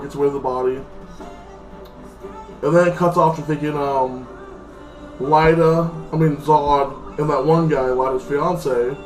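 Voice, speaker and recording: A man casually recapping a TV episode, rambling with lots of fillers and acting out lines in quotes. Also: on the high side. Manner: rambling, filler-heavy, retells scenes in quotes. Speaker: TV episode reviewer. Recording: echoey room, mic at a distance.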